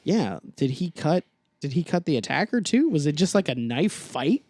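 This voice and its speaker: A young man co-hosting a casual podcast, joking around while reading news out loud. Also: on the high side, big pitch swings, normal speed, dry recording. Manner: joking, reads news aloud with asides. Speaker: podcast co-host. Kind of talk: casual chat.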